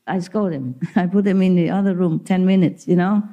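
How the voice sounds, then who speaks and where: A woman's voice: on the low side, a little fast, warm tone, highs cut off. A woman spiritual teacher giving an informal talk to disciples, telling stories in simple non-native English and laughing often.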